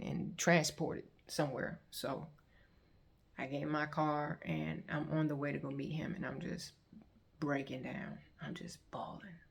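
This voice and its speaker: A woman's voice: low-pitched, creaky. A woman vlogger sharing her personal testimony in a conversational, earnest storytelling manner, acting out what other people said. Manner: earnest, heartfelt, acts out quoted people.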